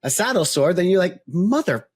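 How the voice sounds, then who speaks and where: Husky man with a wildly swinging pitch. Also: sing-song. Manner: quick agreements, laughs along. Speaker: podcast co-host. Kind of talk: casual chat.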